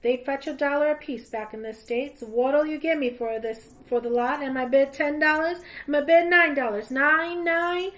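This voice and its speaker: A woman reading aloud, voicing a brash male frontier auctioneer with a loud, rough, folksy auction chant. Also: sits high, normal speed, hardly any pauses, pitched above the performer's own voice, poor audio. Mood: hawking.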